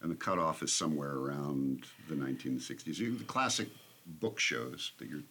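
Super deep gravelly guy moderating a panel, measured, husky. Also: expressive, pushed and bright. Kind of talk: casual panel discussion.

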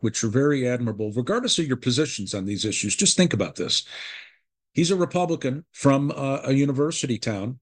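A man hosting an interview, asking a guest questions in a curious, measured way with small restarts. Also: medium pitch. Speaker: radio or podcast host.

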